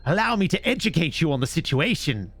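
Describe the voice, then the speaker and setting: A man's voice: on the high side, sing-song, brisk, creaky, fairly bright tone, no echo, soft background music, pitched above the performer's own voice, exaggerated voice. A man voicing a pompous, overly formal man who talks in a stuffy, lofty way. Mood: condescending.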